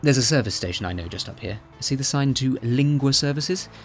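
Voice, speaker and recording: A man's voice: mid-range voice, expressive, a little fast, faint music behind. A man in his thirties hosting a podcast, narrating in a playful, chatty way with theatrical asides. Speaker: podcast host. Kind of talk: scripted comic narration.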